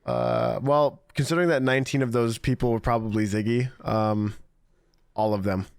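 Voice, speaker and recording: A young man co-hosting a casual podcast, joking and teasing with deadpan quips. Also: mid-range voice, moderate pace, clear, resonant tone, no echo, studio quality. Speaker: podcast co-host.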